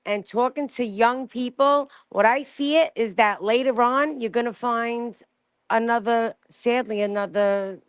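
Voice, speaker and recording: A woman's voice: a little high, measured pace, clean tone, no echo. A woman with a New York accent, calling into a live chat and speaking bluntly, often laughing. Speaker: caller. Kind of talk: casual chat.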